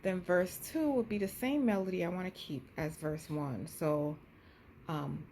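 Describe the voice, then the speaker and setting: Speaking in a lowish, unhurried, slightly mellow voice, this young songwriter vlogs her creative process to her phone camera. She muses aloud in a chatty way and breaks into bits of draft lyrics, with a little hiss or hum on the recording.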